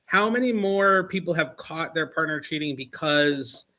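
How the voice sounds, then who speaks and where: A man's voice: a little high, expressive, moderate pace, pushed and bright. A man co-hosting a podcast in casual chat, rambling with lots of fillers and laughing at his own jokes.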